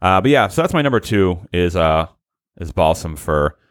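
A man's voice: sits low, very animated, moderate pace, clean tone, no echo, studio quality. A man hosting a podcast, chatting casually and rambling with fillers. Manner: laid-back, rambling with fillers. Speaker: podcast host.

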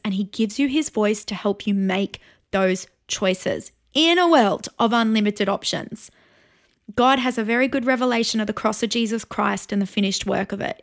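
Preaching in a slightly high voice, a female pastor in her forties gives a sincere, uplifting teaching message. At points she stops to invite her listeners to join in prayer.

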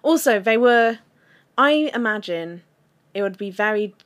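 A woman co-hosting a chatty podcast who teases and laughs easily. Her pitch swings widely as she talks, and she stays animated throughout. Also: measured pace. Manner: laughs often, teasing and animated. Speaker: podcast co-host. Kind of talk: casual chat.

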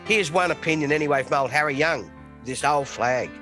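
A man's voice: fairly high pitch, fairly quick, pushed and bright, faint music behind. Blunt, swearing Australian man on a call. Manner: blunt, swearing, joking banter. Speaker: podcast co-host. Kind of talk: casual podcast chat. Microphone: video call.

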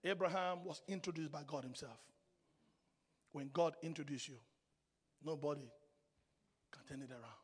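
A man preaching a sermon, swinging from hushed asides to shouted declarations. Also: fairly high pitch, normal speed, long pauses. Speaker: pastor. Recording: long hall reverb.

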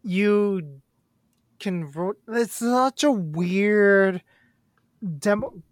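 An excitable podcast co-host breaking down a movie stunt, jumping into little voiced inner monologues. The pitch rises and falls a lot, and the mic is close and dry. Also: drawn-out words, dry recording. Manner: excitable, acts out own thoughts in quotes. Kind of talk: casual movie chat.

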